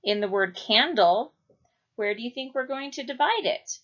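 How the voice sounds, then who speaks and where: A woman teaching a children's phonics lesson, speaking clearly and drawing out each syllable. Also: fairly high pitch, expressive, a bit bright. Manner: slow, clear, stretching out syllables. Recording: dull lo-fi recording.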